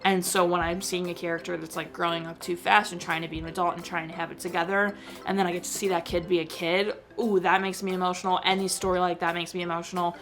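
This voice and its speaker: A woman's voice: lowish voice, level tone, fast talker, a bit bright, soft background music. A young woman vlogger chatting casually about a film she watched, full of fillers and emotional asides. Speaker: movie review vlogger. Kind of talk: casual chat.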